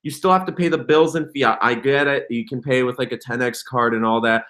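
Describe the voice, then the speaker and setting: A young man hosting a casual livestream, talking in an excitable, rambling way and reading comments aloud. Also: medium pitch, fairly quick. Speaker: crypto livestream host.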